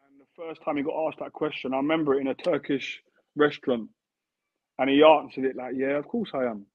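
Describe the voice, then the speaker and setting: Through a dry, tinny remote feed resembling a phone, with no room sound, a man in his thirties and former football player speaks a little high and fairly quickly, with fairly even intonation. He's a guest in a casual interview chat, earnestly reiterating things as he builds his point.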